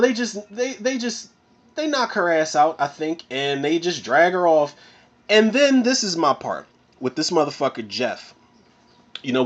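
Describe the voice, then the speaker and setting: A man's voice: a little high, highs cut off. A man reviewing a horror film in a casual, rambling rant, swearing freely as he goes. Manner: profane, rambling, animated. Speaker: movie reviewer.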